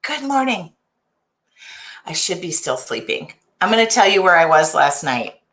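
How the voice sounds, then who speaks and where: A woman hosting a casual livestream from her art studio, chatty and greeting viewers by name, her voice jumping high when excited. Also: moderate pace, echoey room. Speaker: host.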